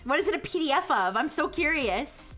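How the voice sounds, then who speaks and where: A woman hosts a casual live stream, talking in a high, bright voice. She rambles, trips over her own sentences and laughs as she goes. Faint music plays underneath. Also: big pitch swings, brisk. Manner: rambling, self-interrupting, laughs often. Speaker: livestream host.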